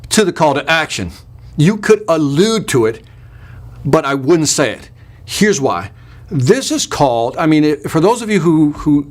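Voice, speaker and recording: A man hosting a live sales webinar, talking energetically and emphatically and reading out viewer comments as he goes. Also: fairly high pitch. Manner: energetic and emphatic, with punchy repetition. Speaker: sales trainer hosting a live online workshop.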